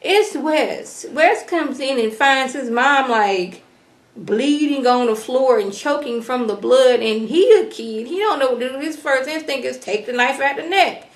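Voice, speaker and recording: A woman recapping a TV episode in an animated, slangy way, acting out characters as she goes. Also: high-pitched, a little slow, roomy sound. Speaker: TV episode reviewer. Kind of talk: casual TV recap vlog.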